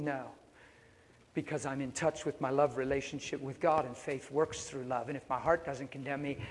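A male pastor preaching a sermon with animated storytelling and rhetorical questions. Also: a little high. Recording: long reverb of a large hall.

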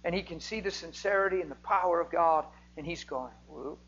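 A man preaching a sermon, telling a healing story and rising to near-shouting when he gets excited. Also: fairly high pitch, a little fast, slightly rough, lo-fi sound.

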